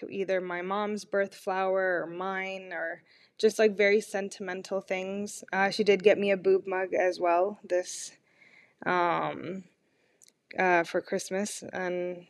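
A woman's voice: mid-range voice, level tone, a little slow. Candid rambling young woman podcaster. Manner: candid, rambling, self-mocking. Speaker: podcast host. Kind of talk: personal podcast monologue.

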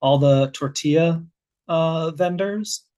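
A researcher with an American accent talks through their subject on a podcast in a mid-range voice. The delivery is animated and loose, full of restarts and thinking aloud. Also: medium pitch, takes it slowly. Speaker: guest researcher. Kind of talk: casual explanatory conversation.

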